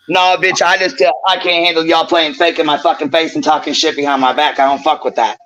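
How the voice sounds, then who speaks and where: A woman's voice: sits low, steady tone, normal speed, a bit bright, highs cut off. A woman, hosting a livestream and ranting furiously, swearing constantly. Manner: profane, furious, confrontational. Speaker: channel host. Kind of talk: heated livestream rant.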